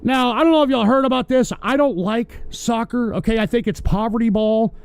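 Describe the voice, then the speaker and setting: Man, high voice, dry close mic: foul-mouthed, sarcastic political host ranting at his chat. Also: fairly quick, clean tone, dry recording. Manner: angry, swearing, sarcastic. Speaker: host of a political call-in show. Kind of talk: profane political rant.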